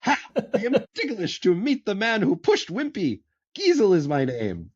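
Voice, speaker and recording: Shrill, shouting old bearded shoemaker in broken English, dull dry lo-fi sound. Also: male voice, wildly swooping pitch, normal speed, husky, heavily acted. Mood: gloating. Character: furious bearded old male cobbler.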